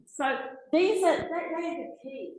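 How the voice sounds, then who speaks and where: A woman's voice: very high voice, a little slow, slight background noise. A middle-aged woman giving a passionate, emphatic public talk as a guest speaker in a meeting hall. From Australia. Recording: echoey hall recording.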